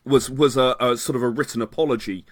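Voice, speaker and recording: A man talks casually as a podcast guest, winding through sentences full of "sort of" and little laughs. His voice sits at an ordinary pitch, and the sound is dry and close, with no room around it. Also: steady tone, fast talker, dry recording. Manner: rambling, self-qualifying, laughs often. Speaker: game designer guest.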